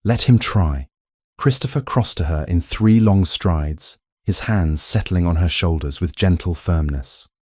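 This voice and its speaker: A man reading a romance story aloud in a measured, even storytelling voice. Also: deep voice, no echo, clean studio sound. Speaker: narrator. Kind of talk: scripted audiobook narration.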